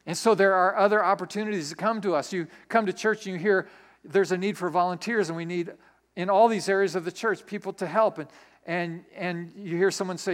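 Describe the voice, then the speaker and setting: A man preaching a sermon, animated, acting out little scenes and repeating key lines for emphasis. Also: sits high, a little fast. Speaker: pastor.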